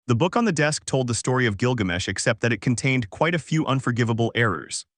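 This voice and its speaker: A man reading a fan fiction story aloud in an even, steady storytelling manner. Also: medium pitch, fast talker, no echo, studio quality. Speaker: narrator.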